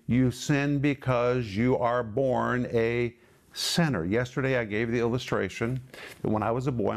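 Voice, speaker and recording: A man, a television Bible teacher, who preaches emphatically and stretches out key words as he explains Greek terms. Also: mid-range voice. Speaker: pastor.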